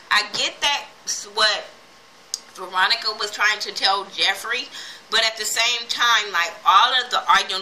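A woman recaps a TV drama episode in loose, profane commentary. Her voice is bright and edged, and she pushes hard into each reaction. Faint noise sits under the recording. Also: mid-range voice, a little slow, low-quality recording. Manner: animated, profane, heated reactions; retells scenes quoting characters. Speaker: TV episode reviewer.

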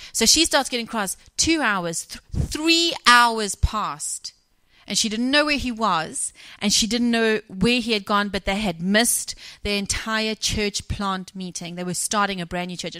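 A woman's voice: medium pitch, fairly bright tone, clean tone, dry recording. A woman preacher telling a story in a conversational sermon, acting out the dialogue of the people in it. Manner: conversational, retells scenes with quoted dialogue. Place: church.

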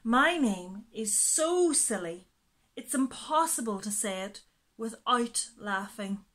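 A woman's voice: on the high side, lively intonation, takes it slowly, full character voice. A woman doing a fed-up storybook wasp. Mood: weary. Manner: loud and emphatic. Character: fed-up wasp with a silly name, insistent and exasperated.

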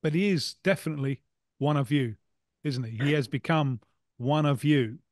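A man's voice: on the high side, moderate pace, dry recording. Dry-voiced man telling football stories. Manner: anecdotal storyteller, fond of impressions. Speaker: co-host, football pundit. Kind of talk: casual podcast chat.

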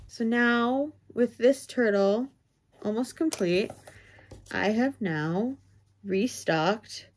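A woman's voice: on the high side, extremely slow, slight background noise. Young woman rambling to the camera while she crochets, casual and self-mocking. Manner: self-deprecating, rambling, thinking aloud. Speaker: crochet vlogger.

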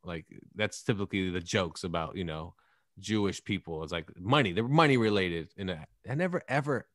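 A man's voice: sits low, a bit bright, no room sound, clean studio sound. A man in his thirties hosting a podcast, talking in a blunt, rambling, profane way. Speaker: podcast host. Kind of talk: casual podcast chat.

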